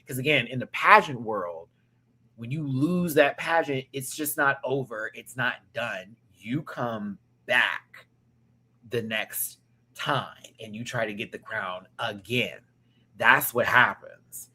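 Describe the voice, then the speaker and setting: A Southern man hosting a reaction review who gushes and swears in a slangy, animated way. His voice is husky and sits at a middling pitch. He talks straight to the camera on a home stream. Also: slow. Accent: Southern American. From American South. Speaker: reaction show host.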